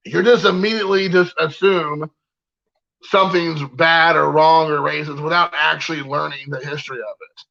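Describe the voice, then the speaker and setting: A man's voice: on the high side, vocal fry, sharp tone, lo-fi sound. A man giving a heated, rambling opinion rant, repeating himself and leaning on fillers. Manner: heated, repetitive, many fillers. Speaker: card collector vlogger.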